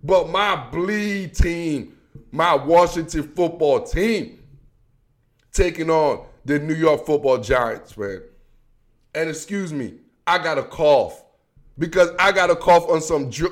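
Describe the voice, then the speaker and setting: A man's voice: on the high side, a little slow. A man giving a casual, emphatic sports rant, full of slang and repetition. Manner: emphatic, repetitive, slangy, calls listener bro. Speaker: sports commentator.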